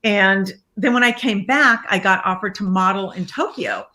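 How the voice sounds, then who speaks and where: A woman, a life coach, being interviewed and telling her story in a lively way, acting out the lines of people she quotes. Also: medium pitch, normal speed.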